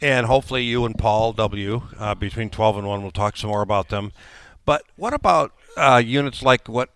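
Male co-host on radio, low-ish tense voice, dry close sound, blunt questions. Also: normal speed, fairly bright tone, clear, resonant tone, dry recording. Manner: asks short practical questions. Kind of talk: casual radio chat.

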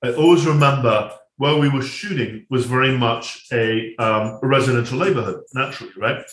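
Male director guest, rambling anecdotes, mid-pitched, echoey room. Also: fairly quick, fairly bright tone. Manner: rambling, many restarts and asides, laughs at own jokes. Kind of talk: casual anecdote-telling.

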